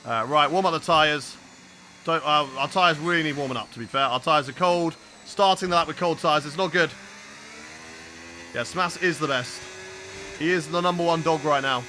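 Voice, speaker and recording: A young man with a fairly high, sharp voice talks fairly quickly as he live-streams a racing game, chatting with viewers while he drives. Faint engine sounds from the game sit behind him, along with slight background noise.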